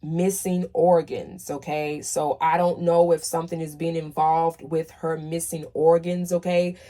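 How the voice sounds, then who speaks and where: Deep, mellow and steady, the woman's voice moves a little slowly as she does a casual tarot reading. She's emphatic, keeps asking "okay?" after nearly every point, and lets a swear word slip when she's fired up.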